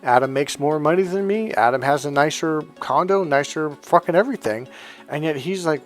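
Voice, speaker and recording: Soft music plays behind a dating coach whose voice is a little high and whose speed is normal. He's blunt and profane, swearing often as he tells a story in a casual monologue and animatedly acts out people's quotes.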